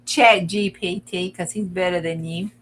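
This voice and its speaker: A woman's voice: fairly low pitch, fairly even intonation, a little slow, slight background noise. A woman, chatting casually and telling stories in her craft vlog, bossy with her smart speaker. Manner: chatty, storytelling, bossy with the assistant. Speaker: craft vlogger. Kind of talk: casual chat.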